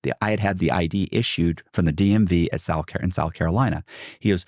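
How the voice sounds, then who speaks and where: A man with a low, deep voice telling a long anecdote as a podcast guest, acting out the people in it with colorful swearing. He is recorded close on a studio mic in a dry, dead space. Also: quick pace, no room sound. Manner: animated, acts out quotes, swears. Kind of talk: casual storytelling.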